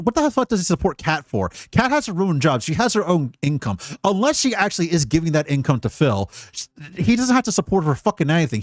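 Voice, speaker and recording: A man's voice: fairly high pitch, dry recording, clean studio sound. Rambling, profane Scottish man streaming. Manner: rambling, profane, full of restarts. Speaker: live streamer, commentator. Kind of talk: casual live-stream commentary.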